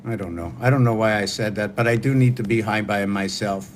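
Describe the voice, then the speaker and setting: A man's voice: fairly low pitch, a little fast, slight background noise. A man hosting a solo livestream, musing aloud in a wandering way and talking to his viewers. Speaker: livestream host. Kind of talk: rambling solo livestream talk.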